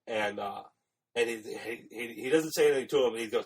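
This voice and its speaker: A man's voice: mid-range voice, brisk, husky, distant mic, low-quality recording. A man on a casual podcast retelling a film plot, swearing freely, laughing often and acting out the lines. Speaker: podcast co-host.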